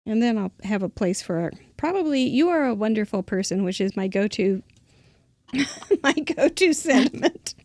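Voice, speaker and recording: A woman's voice: mid-range voice, expressive, moderate pace, darkish tone, no room sound. A woman hosting a live crafting show, chatting casually while she works and laughing often. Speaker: host.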